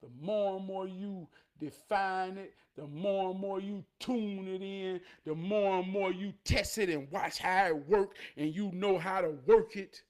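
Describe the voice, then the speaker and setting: A man with a notably high voice delivers a motivational monologue. He preaches through stories, swinging from raised, emphatic passages to low, murmured asides. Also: steady tone, measured pace, hardly any pauses. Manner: preachy, storytelling, swings from loud to near-murmur. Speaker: motivational speaker.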